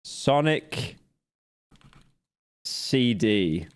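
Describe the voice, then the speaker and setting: A man's voice: mid-range voice, big pitch swings, drawn-out words, smooth. A British man streaming and reacting to clips, ranting and swearing. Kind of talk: casual reaction commentary.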